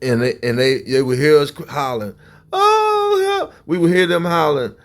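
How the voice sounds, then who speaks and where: A man preaching fiery religious commentary in a confrontational way, often breaking into shouts. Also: mid-range voice, quick pace.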